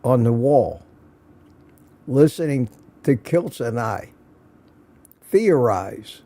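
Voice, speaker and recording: A man's voice: medium pitch, animated, very slow, mellow. A man hosting a casual morning livestream from his home studio, greeting viewers by name and reading out their comments with jokes. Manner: chatty, jokey, reads out viewer comments.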